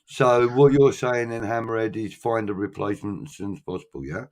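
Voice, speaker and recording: A man with a fairly low, darkish voice hosts a casual fan chat show at a brisk clip. He reads out viewer comments and talks them through in a chatty, hesitant way, dropping frequent ums.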